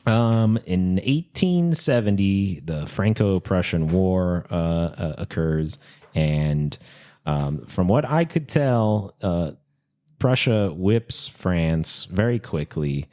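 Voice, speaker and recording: A man's voice: low voice, lively intonation, takes it slowly, a little mellow. A man co-hosting a podcast, telling a history story in casual chat with many fillers and restarts. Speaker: podcast co-host.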